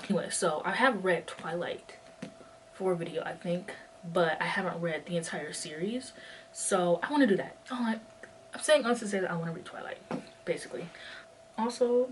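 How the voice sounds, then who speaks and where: A woman's voice: on the low side, slight background noise. A young woman in her twenties vlogging while walking, chatting in a rambling way full of fillers, a bit out of breath. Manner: rambling, filler-heavy, lots of "like". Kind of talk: casual chat. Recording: distant mic with faint ambience.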